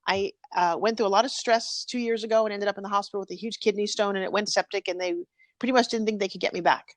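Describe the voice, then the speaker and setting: A woman's voice: medium pitch, steady tone, fast talker, no echo. A woman in her fifties, a guest talking candidly and animatedly in an emotional interview, close to tears, over a live video stream. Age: 50s.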